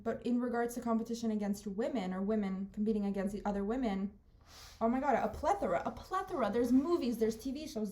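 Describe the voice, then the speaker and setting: Solo podcast host: a young woman with a slightly high voice. She rambles casually, full of filler words. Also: warm tone. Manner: rambling, chatty, valley-girl fillers; self-interrupting, jumps between topics. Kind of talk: casual monologue.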